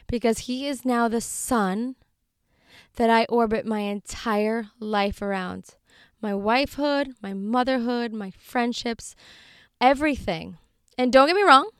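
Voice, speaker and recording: A woman's voice: on the high side, clear, resonant tone, no echo, clean studio sound. Earnest woman hosting a faith podcast. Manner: earnest, heartfelt, tender storytelling. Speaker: podcast host.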